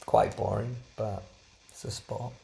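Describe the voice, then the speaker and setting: A woman's voice: rumbling low, fairly even intonation, measured pace, vocal fry, dark tone, poor audio. A woman co-hosting a podcast in casual chat, dry and teasing. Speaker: podcast co-host.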